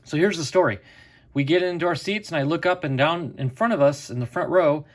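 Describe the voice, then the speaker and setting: A man's voice: on the high side, a little fast. Chatty man telling a collecting story. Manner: chatty, with acted-out quotes. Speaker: card collecting channel host. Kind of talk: casual storytelling to camera.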